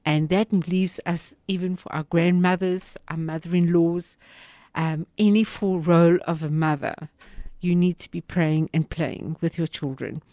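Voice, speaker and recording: A woman's voice: on the low side, steady tone, unhurried, warm tone, no room sound. A woman hosting a radio program, speaking hesitantly and emotionally with many fillers. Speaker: radio host.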